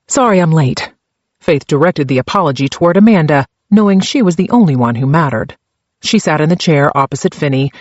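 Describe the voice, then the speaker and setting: A man narrating an audiobook in a steady, even storytelling manner. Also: fairly high pitch, no room sound, muffled recording. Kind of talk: scripted narration.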